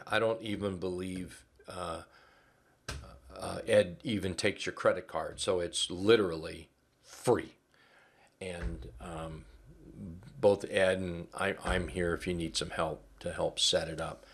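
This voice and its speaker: A man with a low, deep voice hosting a live trading webinar. He talks in a folksy, casual way, full of fillers and restarts, and repeats his key phrases to drive them home. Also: slow.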